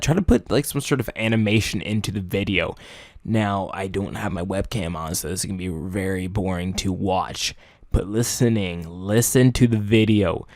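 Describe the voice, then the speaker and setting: Young guy rambling about making videos, lowish voice, dry room, trails off then yells up high. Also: moderate pace, no room sound. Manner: rambling, self-correcting, swings from mumbling to sudden loud high bursts. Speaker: YouTuber giving video tips. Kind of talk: casual unscripted chat.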